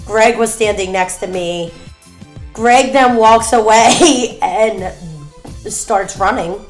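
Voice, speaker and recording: A young woman with a fairly high voice tells a story in a loose, giggly way, filling her pauses with ums. She sounds like she's in an echoey room, and music plays faintly behind her. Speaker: podcast co-host. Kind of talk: casual chat.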